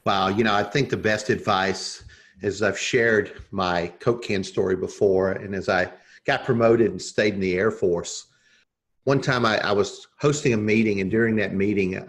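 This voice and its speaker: A man's voice: on the low side, fairly even intonation, moderate pace. A man as a podcast guest, telling a personal story in an earnest, reflective way as a leadership coach.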